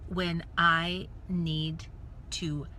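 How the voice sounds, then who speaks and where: A woman from the United States telling a story in a casual, animated live stream, acting out voices and dropping into whispered asides. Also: on the low side, extremely slow, a little hiss or hum. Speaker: network marketing coach. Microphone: phone or webcam live stream.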